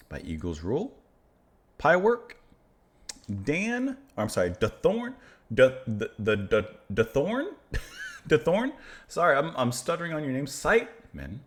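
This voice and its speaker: A man hosting a music reaction channel, chatting casually and rambling, often laughing at himself. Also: mid-range voice. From United States. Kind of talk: casual chat.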